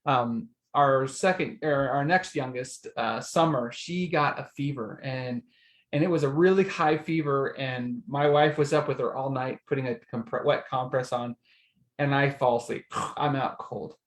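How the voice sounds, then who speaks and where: A man, a bereaved father, telling his story as a guest, halting and repeating words as he starts his sentences. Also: mid-range voice. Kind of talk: personal storytelling. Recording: roomy echo.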